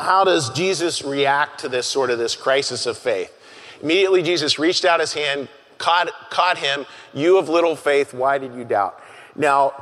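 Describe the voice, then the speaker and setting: Earnest male pastor preaching in a hall. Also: on the high side. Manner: earnest, halting, repeats key phrases. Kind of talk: sermon. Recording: long hall reverb.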